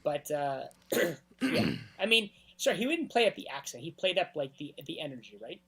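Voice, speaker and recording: A man as a DJ guest in a casual interview, telling anecdotes at length and often clearing his throat. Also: on the high side, sing-song, normal speed, a bit bright.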